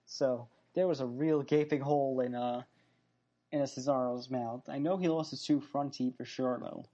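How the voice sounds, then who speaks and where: With the highs cut off in the audio, a man with a warm, medium-pitched voice hosts a solo wrestling and fight recap podcast. He speaks at a moderate pace with fairly even intonation, rambling casually, filling gaps and correcting himself as he goes.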